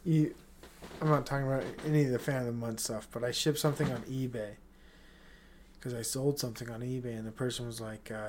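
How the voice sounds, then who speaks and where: A Utah man hosting his own podcast rambles through a casual solo rant full of swearing, restarts and incredulous questions. He talks fast in a mid-range, darkish voice with a steady tone.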